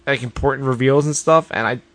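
A man co-hosting a casual wrestling podcast, riffing quickly and sounding exasperated. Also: mid-range voice, fairly bright tone, dry recording. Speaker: podcast co-host.

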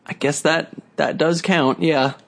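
Husky, blunt wisecracking man. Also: fairly high pitch, fairly even intonation, measured pace. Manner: blunt, swears freely, wisecracking interjections. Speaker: podcast co-host. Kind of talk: casual chat.

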